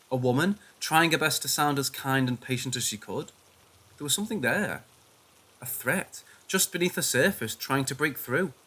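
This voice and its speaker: A man reading a first-person horror story aloud in a hushed, tense manner. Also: a little high. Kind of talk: scripted horror story narration.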